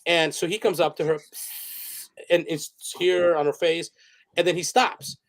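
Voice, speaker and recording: Guy with a pretty high voice, rambling and swearing through his stories on a podcast. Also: steady tone, unhurried. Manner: rambling, profane, laughs while telling stories. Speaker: interview guest, photographer and director. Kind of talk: casual storytelling interview.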